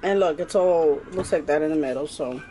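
Low-pitched and mellow, this woman talks briskly over slight background noise. She's in her home kitchen doing a casual vlog while suffering from a painful, swollen ear and a sore throat, keeping her mouth nearly shut so her words come out somewhat muffled.

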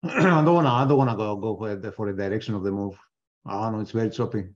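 A man's voice: fairly low pitch, fast, a little mellow. Man, live trading webinar host, thinking aloud, joking asides, dull lo-fi audio.

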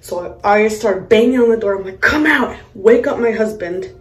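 A woman's voice: mid-range voice, moderate pace, darkish tone. A young woman tells a story from her day in a blunt, exasperated, cussing way as she does her makeup. Her voice sits in a middle range. The room around her is echoey. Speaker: vlogger, mother. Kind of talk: casual storytime while doing makeup.

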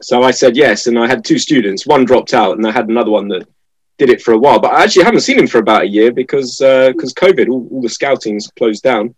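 A man's voice: mid-range voice, fast talker, breathy edge, dry recording, rough recording. A British man in his thirties, a guest telling anecdotes in casual chat. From Britain. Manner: lively anecdotal storytelling. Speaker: guest, fencer.

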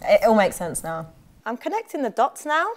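A woman's voice: on the high side, sing-song, normal speed, a little hiss or hum. A woman from Essex with an Essex accent, questioning her date pointedly and skeptically on a dating show. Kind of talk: sharp conversational questioning.

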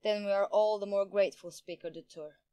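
A man reading a story puts on a polite, brisk young woman companion. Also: high voice, steady tone, warm tone, smooth, pitched above the performer's own voice, lightly acted. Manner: polite, hurried.

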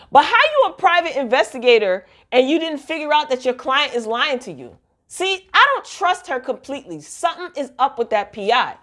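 A young woman giving a casual, animated recap of a TV episode, laughing and exclaiming as she goes. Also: mid-range voice. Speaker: recap vlogger.

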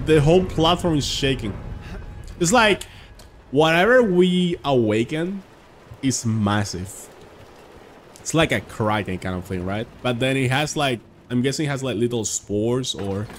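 A young man with a medium-pitched voice streams a video game live, chatting casually with viewers and reacting aloud as he plays. There's slight background noise.

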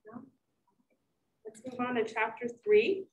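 A woman leading a Bible study class, giving brief, gentle prompts to the group. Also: a little high, big pitch swings, measured pace, poor audio.

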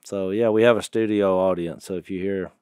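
Middle-aged male co-host, low-pitched, teasing and rambling. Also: fairly even intonation, a little fast, dark tone, clean tone, no room sound, studio quality. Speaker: podcast co-host. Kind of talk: casual chat.

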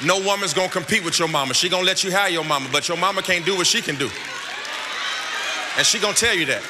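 A man preaching from the pulpit in a high, ringing voice with a lilt, his shouted and half-sung phrases carried through a big hall with a long echo. The congregation's noise sits plainly underneath. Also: quick pace. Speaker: pastor. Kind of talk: sermon. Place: church sanctuary. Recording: large echoing church hall with crowd noise.

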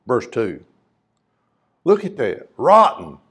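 A man's voice: medium pitch, sing-song, drawn-out words, gravelly, breathy edge. Folksy preacher man. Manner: folksy, conversational preaching with rhetorical questions; reads scripture aloud in old-fashioned wording. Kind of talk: sermon.

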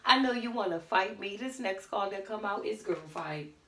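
A woman's voice: medium pitch, animated, normal speed, sharp tone, distant mic. A woman doing a casual tarot reading, sassy and blunt, calling the listener honey and baby girl. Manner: sassy, blunt, calls listener pet names. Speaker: tarot reader. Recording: roomy echo, off-mic.

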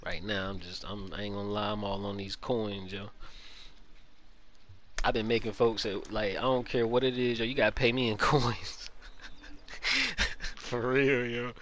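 A man's voice: fairly low pitch, fairly even intonation, a little slow, long pauses, fairly bright tone, slight background noise. A young man chatting casually while streaming a game, with loose slangy banter, greeting his chat and laughing often into a headset mic. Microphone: gaming headset.

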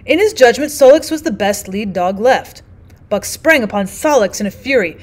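A woman reads a classic novel aloud for students, her voice sitting slightly high. Her narration is steady and clear, carrying the story at an even storytelling pace. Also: moderate pace. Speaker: teacher reading aloud. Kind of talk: audiobook narration.

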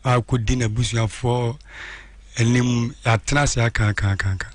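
A man with a Ghanaian accent calling in to tell his story in a calm, plain way. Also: medium pitch, a little fast, no echo. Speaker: caller. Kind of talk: telling a personal story.

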